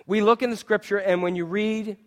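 Male pastor, sermon delivery, dynamic loud-to-hushed, high pitch, long reverb. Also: steady tone, a little fast. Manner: dynamic preaching, swinging from loud emphatic to hushed.

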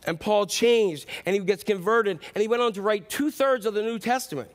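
A man with a notably high speaking voice delivers a sermon as pastor. He tells stories along the way and acts out the quoted lines. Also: fairly quick, hardly any pauses. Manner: storytelling with acted-out quotes.

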